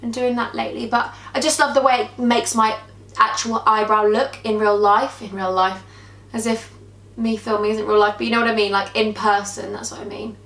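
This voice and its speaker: A young woman talks through a makeup tutorial in a gossipy, animated way, her voice sitting a little high. She sounds close to the camera mic in a room that gives a clear echo. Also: normal speed. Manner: gossipy, animated storytelling while applying makeup. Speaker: beauty vlogger. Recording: echoey room.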